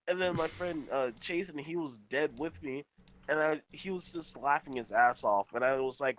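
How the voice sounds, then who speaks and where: A young man with a bright, forceful voice rambles through a gaming story on a casual podcast. He swears freely, restarts his sentences and piles on fillers. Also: mid-range voice, normal speed, rough recording. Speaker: podcast co-host. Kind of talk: casual chat.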